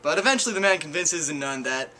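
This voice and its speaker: A man's voice: a little high, lively intonation, fast talker, sharp tone. A young man telling bar jokes casually among friends at home, rambling and hesitant with fillers. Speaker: joke teller. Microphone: handheld camcorder. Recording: faint background noise, home camcorder.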